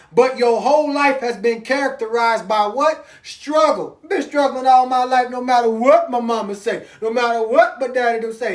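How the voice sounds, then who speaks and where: A man preaching an informal sermon, reading passages aloud and then explaining them in loose, conversational talk with sudden emphatic rises. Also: high-pitched. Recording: roomy, distant sound.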